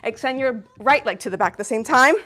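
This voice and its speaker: A woman's voice: on the high side, fast talker, a bit bright. A woman leading a live ballet fitness class, out of breath, upbeat and encouraging as she counts reps and cheers. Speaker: fitness instructor. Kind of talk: live workout instruction.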